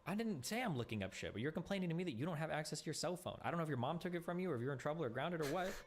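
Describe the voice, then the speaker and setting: A man streaming a debate, sarcastic and rattling off statistics quickly. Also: a little high, lively intonation. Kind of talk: heated debate chat.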